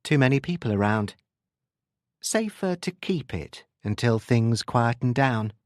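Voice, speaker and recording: A guarded accomplice brushes off a panicking friend in a calm, slightly irritable tone, as a male narrator voices him. The reading is close and dry, with a lively rise and fall. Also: mid-range voice, measured pace, no room sound, natural voice. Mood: evasive. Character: evasive male accomplice on the phone.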